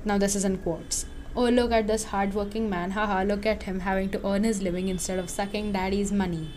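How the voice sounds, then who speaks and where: A woman's voice: mid-range voice, fairly even intonation, fairly quick, darkish tone, a little hiss or hum. A young woman co-hosting a casual podcast, bluntly reading out her sarcastic reactions. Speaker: podcast co-host.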